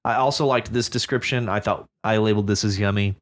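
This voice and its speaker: A man's voice: fairly low pitch, fairly even intonation, quick pace. A man co-hosting a podcast, musing casually about a story with plenty of fillers and restarts. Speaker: podcast co-host discussing a story. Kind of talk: casual book-club chat.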